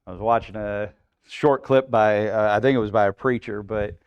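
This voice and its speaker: A man's voice: on the low side, fairly even intonation, normal speed, clean tone, dull audio. A male pastor teaching a live Bible study in a conversational preaching style, often checking in with "right?" and acting out people's inner voices.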